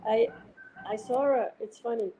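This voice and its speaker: A woman's voice: fairly high pitch, fairly even intonation, moderate pace, dark tone, a little hiss or hum, rough recording. A woman from Massachusetts with a Boston accent, chatting casually and rambling as she retells conversations with other people. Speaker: host. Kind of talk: casual chat with viewers.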